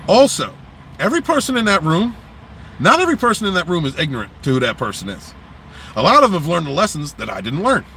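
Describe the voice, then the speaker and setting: A man hosting a casual livestream, talking bluntly and profanely in an animated rant, outdoors near traffic. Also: a little high, rough recording. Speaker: livestream host.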